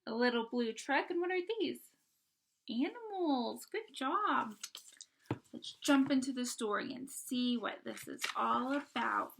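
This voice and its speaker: A woman's voice: on the high side, lively intonation, measured pace, gravelly, noisy background. A woman teacher reading a picture book aloud to children, asking them questions and praising their answers.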